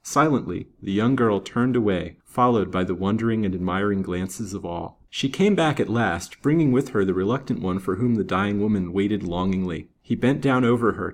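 A man reads an old melodramatic novel aloud in a measured, dramatic storytelling manner. His voice sits on the low side. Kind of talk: scripted narration of a Victorian novel.

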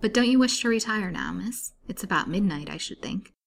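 A woman's voice: medium pitch, expressive, a little fast, gravelly, pitched above the performer's own voice. A woman voicing a kindly female asylum nurse who talks in a placid, soothing way.

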